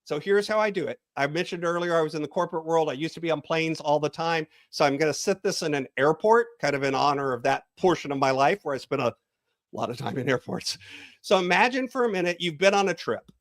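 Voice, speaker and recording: Man with a high, dry voice. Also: expressive, fast, no echo. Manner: storytelling, guided visualization. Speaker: life coach guest. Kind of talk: podcast interview.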